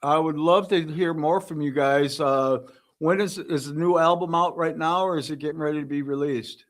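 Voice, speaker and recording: A man's voice: fairly high pitch, fairly even intonation, normal speed. A man hosting a casual interview and asking friendly questions with short affirmations. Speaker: podcast host.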